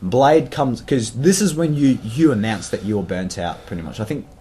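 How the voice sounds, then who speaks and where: A man's voice: medium pitch, normal speed, husky. An Australian man guesting on a podcast, telling wrestling stories in casual chat, swearing freely with lots of fillers. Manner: swears freely, animated retelling with repeated fillers.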